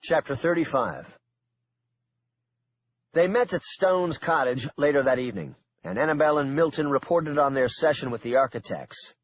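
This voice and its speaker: A man narrating an audiobook in an even, steady read, at a middling pitch. The recording is dull and lo-fi, with a faint hiss behind it. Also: moderate pace.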